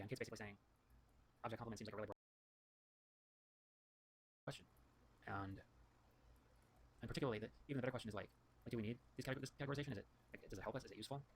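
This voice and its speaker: Fast-talking man thinking aloud. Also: fairly low pitch, slight background noise. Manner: rambling, self-correcting, reads quotes aloud. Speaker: host reviewing writing feedback. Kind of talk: thinking aloud while reading emails.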